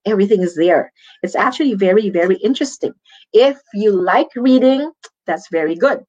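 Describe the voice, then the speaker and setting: A woman's voice: medium pitch, lively intonation, moderate pace, darkish tone, dull audio. A woman with a Filipino accent giving a lecture as a teacher, checking in often with "okay?" and "right?". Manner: ends points with tag questions like "okay?". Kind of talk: lecture on communication skills.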